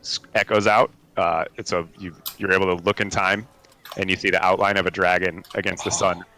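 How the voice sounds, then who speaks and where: Low-voiced, bright-toned male DM, laid-back with filler-heavy narration. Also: flat delivery, a little fast, a little hiss or hum. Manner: laid-back, laughs often, many fillers. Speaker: dungeon master. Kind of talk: narrating a tabletop game over voice chat.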